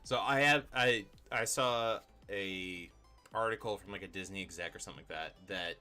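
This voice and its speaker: Bright, rambling man with music behind. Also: low voice, normal speed. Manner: animated, rambling with many fillers. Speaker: trivia co-host. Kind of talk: casual chat.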